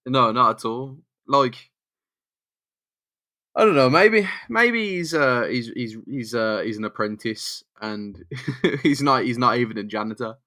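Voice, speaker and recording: A man's voice: medium pitch, lively intonation, measured pace, sharp tone. A young man co-hosting a podcast, laughing and riffing on jokes with sweary asides. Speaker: podcast co-host. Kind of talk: casual comic book read-through chat.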